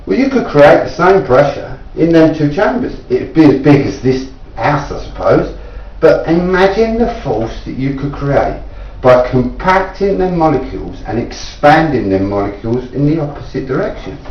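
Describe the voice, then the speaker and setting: English guy pleading his case about his invention, kinda high voice, far from the mic in an echoey room. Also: big pitch swings, moderate pace, few pauses, a little mellow. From England. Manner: insistent, repetitive, rising in pitch when pleading. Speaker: self-taught inventor. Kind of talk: earnest appeal to viewers. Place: indoors at home. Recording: echoey room, distant mic, dull lo-fi sound.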